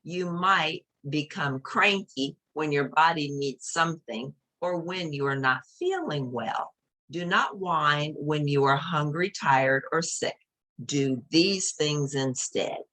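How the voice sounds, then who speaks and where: Low-voiced woman reading to children. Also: lively intonation, slow pace. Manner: gentle, explains each picture to children. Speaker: children's book reader. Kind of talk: reading a picture book aloud with comments.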